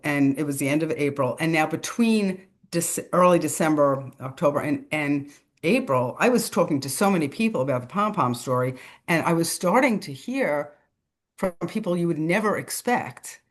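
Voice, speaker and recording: A middle-aged woman, a guest on a talk show, telling a personal story in a casual, animated way, acting out the voices of the people she quotes and laughing between phrases. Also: low voice, moderate pace. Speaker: podcast guest, author.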